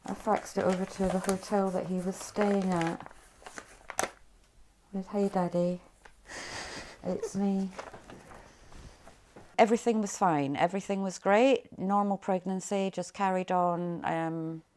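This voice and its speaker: A middle-aged woman, a mother, recounting her past in a documentary interview, speaking quietly and haltingly, often trailing off low. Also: steady tone, a little hiss or hum.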